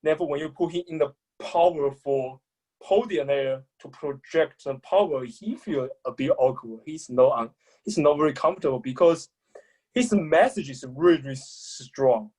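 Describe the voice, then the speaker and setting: A man in a thoughtful discussion about speaking style, often pausing and restarting as he searches for words. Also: a little high, darkish tone, breathy edge, poor audio. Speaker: public speaking commentator. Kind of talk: analytical discussion.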